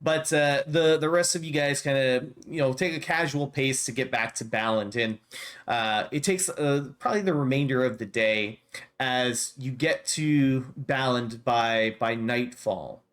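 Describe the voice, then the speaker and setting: A man's voice: mid-range voice, a little slow, fairly bright tone. Rambling young male game master. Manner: loose narration full of fillers like uh and kinda. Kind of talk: narrating a tabletop game.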